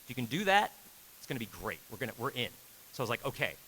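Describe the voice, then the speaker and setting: A man in his thirties tells a long personal story to a live panel audience, and his voice stays bright and forward throughout. He acts out each quoted line with sudden leaps in pitch and laughs as he talks. A faint hiss sits under the recording. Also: very animated, rapid-fire, poor audio. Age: 30s. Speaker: game director on a convention panel. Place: convention panel room.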